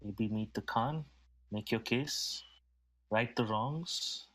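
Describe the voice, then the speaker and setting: A man playing a calm, persuasive male desert traveler in a tabletop game, measured and reassuring. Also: on the low side.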